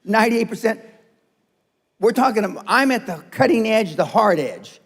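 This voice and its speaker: A man's voice: high-pitched, big pitch swings, normal speed, fairly bright tone, breathy edge, long reverb tail. An older man giving a blunt, profane and confrontational seminar speech to a live audience. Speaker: motivational speaker. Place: seminar room.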